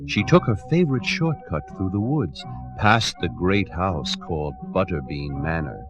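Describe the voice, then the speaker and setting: A man reading a children's storybook aloud with expressive, dramatic narration. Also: low voice, a little slow, music in the background.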